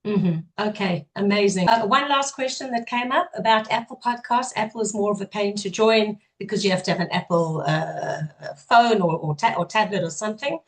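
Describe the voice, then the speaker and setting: A woman's voice: medium pitch, moderate pace, hardly any pauses, poor audio. A woman hosting an online webinar interview, asking questions and thanking guests in an upbeat, enthusiastic way. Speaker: webinar host.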